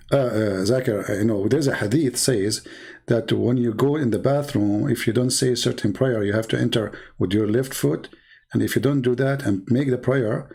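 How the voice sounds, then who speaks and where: A man hosting a comic sketch, asking deadpan questions in a dry, hesitant way. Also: mid-range voice, moderate pace, gravelly, husky, rough recording. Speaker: host.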